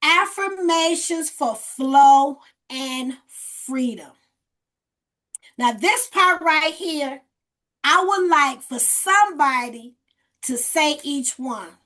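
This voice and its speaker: High bright-voiced woman coaching a group. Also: drawn-out words. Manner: energetic and exhorting, repeats phrases, coaxes participants. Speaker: host leading a group session. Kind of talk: motivational coaching on a group call.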